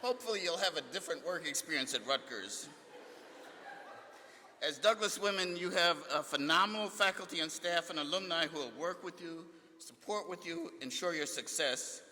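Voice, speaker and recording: A man's voice: fairly high pitch, normal speed, slight background noise. A man in his sixties giving a university convocation speech, telling stories and jokes to new students. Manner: storytelling, jokes, builds excitement in anecdotes. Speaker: university administrator speaking at convocation. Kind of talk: ceremonial speech with humorous anecdotes. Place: large hall. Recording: echoey hall with long reverb.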